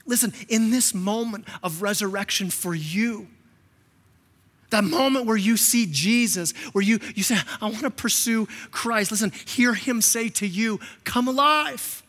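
Pastor guy preaching, high voice, stumbles over repeats, big church reverb. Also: unhurried. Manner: impassioned, repeats words, acts out quotes softly. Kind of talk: sermon. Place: church sanctuary. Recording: long reverb of a church hall.

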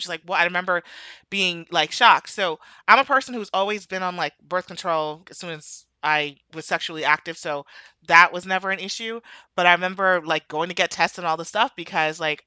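A woman's voice: fairly low pitch, sharp tone, no echo. A woman in her thirties from the New York area, co-hosting a podcast and candidly telling a personal story to listeners. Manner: candid, chatty, addresses listeners directly. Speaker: podcast co-host.

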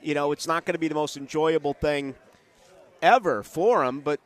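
A middle-aged man from Boston tells a rambling sports story with plenty of restarts. His voice sits a little high and lifts sharply when he acts out what people said. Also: normal speed. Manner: animated storyteller, restarts often, acts out quotes. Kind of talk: casual sports chat.

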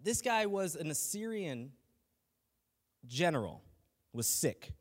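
A man's voice: fairly high pitch, very animated, slow, big-room sound. A man giving a casual, earnest faith talk as a lay teacher, speaking conversationally with frequent restarts and fillers.

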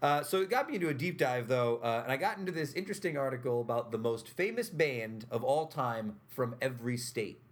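A man's voice: medium pitch, lively intonation, brisk, hardly any pauses. A young man hosting a casual podcast chat, quizzing his guests and laughing often. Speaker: podcast host.

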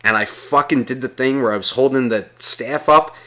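A man's voice: medium pitch, normal speed, bright, forceful tone. A man telling a long, rambling, profanity-laced story in casual chat, acting out the people in it. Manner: acts out quotes of people in the story.

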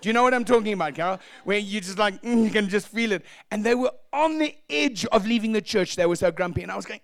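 A man preaching a sermon as pastor, telling stories in an animated way and acting out voices. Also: high-pitched, quick pace, vocal fry, hardly any pauses, no room sound, clean studio sound. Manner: animated, acts out voices, laughs at own stories. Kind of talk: sermon storytelling.

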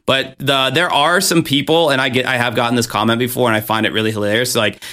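A man's voice: mid-range voice, quick pace, hardly any pauses, sharp tone. A man hosting a podcast, chatting casually and joking around in a rambling way. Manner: joking, rambling, playful put-on voices. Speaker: podcast host.

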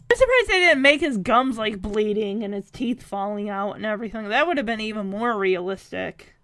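A woman casually retelling a cartoon episode in a chatty, animated way, peppering her talk with "like". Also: medium pitch, a little fast, few pauses, no room sound.

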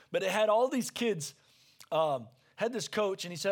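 Gravelly, high-pitched preaching man. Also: lively intonation, moderate pace. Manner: earnest, conversational preaching with repeated restarts; raises his voice to near shouting when stirred. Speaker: pastor. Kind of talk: sermon.

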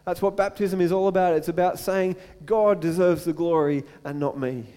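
Earnest high-voiced preacher. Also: male voice, clean tone. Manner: earnest, swings between loud urgent build-ups and slow soft appeals. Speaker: pastor. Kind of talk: sermon.

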